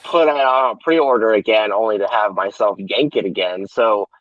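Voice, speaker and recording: A man of middle pitch speaks as an author in loose, self-mocking chat, swearing offhandedly. His audio is dull and lo-fi, with a dry sound. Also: moderate pace, no echo. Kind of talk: casual chat.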